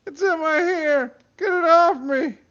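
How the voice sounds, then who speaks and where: A man's voice: very high-pitched, unhurried, a bit bright, muffled recording, voice pushed up. A man voicing a terrified woman who screams for help. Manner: shrieking.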